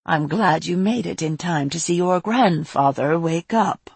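A woman voicing a calm, knowing woman who speaks slowly and with quiet amusement. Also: fairly low pitch, gravelly, breathy edge, no echo, full character voice.

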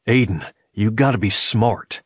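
A man voicing a level-headed firefighter brother who speaks firmly and then gently to a child. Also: on the low side, animated, fairly quick, husky, no echo, clean studio sound. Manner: firm with his brother, kind with a child.

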